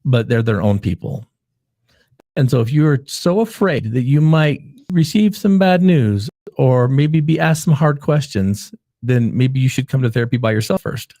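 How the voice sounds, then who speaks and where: A man's voice: medium pitch, animated, normal speed, dark tone, dry recording, clean studio sound. A middle-aged man who hosts a live show as a therapist, talking earnestly and telling family stories as advice. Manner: earnest, storytelling, coaching tone. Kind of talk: casual advice chat.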